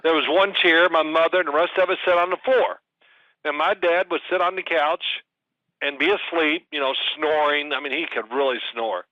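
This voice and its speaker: An older man, a guest on a chat show, telling animated family stories and putting on shouted voices in them. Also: a little high, normal speed, dry recording. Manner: animated storyteller, mimics shouting in anecdotes. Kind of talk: casual podcast chat. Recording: dry, muffled audio.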